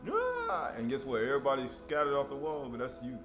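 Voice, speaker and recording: A man preaching in a casual, conversational style, voice at an ordinary middle pitch. His delivery is animated and breaks into sudden loud outbursts. Faint music plays behind him. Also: fast talker. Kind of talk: sermon.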